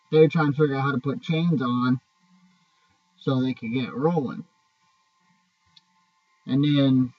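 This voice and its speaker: A truck driver rambling through a story in a loose, profane way, often restarting his sentences. His voice comes across as dull and distant, caught by a mic set away from him in a dry room with no echo. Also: mid-range voice. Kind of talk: casual spoken storytelling.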